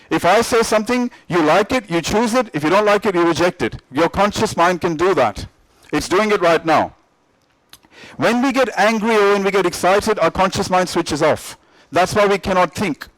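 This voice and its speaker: High-voiced emphatic male motivational speaker. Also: no echo, poor audio. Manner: emphatic, repetitive, asks the audience questions. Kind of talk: motivational talk to an audience.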